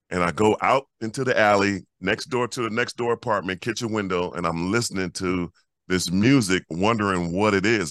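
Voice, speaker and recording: A man in his fifties from Los Angeles, a co-host telling stories in a lively, repetitive way on a casual podcast. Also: low voice, dry recording, studio quality. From Los Angeles, USA. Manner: animated storyteller, repeats words when excited. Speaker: co-host, former pro basketball player.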